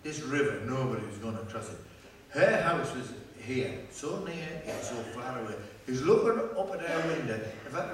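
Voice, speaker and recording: A man tells a rambling, pun-filled comic story on a festival stage, restarting his phrases as he goes. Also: medium pitch. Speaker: folk singer telling a comic story. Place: festival stage before a live audience. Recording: echoey distant festival recording with noise.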